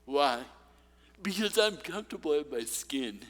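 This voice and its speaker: A man's voice: on the high side, lively intonation, unhurried, big-room sound. A man preaching a sermon, telling funny personal stories and then turning earnest and encouraging. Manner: humorous, personal storytelling. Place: church.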